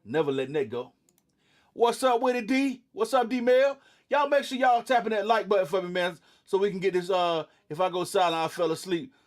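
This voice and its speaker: A young man with a drawl and a fairly high voice for a man hosts a relaxed livestream. He talks in a laid-back, drowsy way and greets viewers one after another. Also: brisk. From eastern North Carolina. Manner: laid-back, repeats "you know what I'm saying". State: sleepy. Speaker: livestream host.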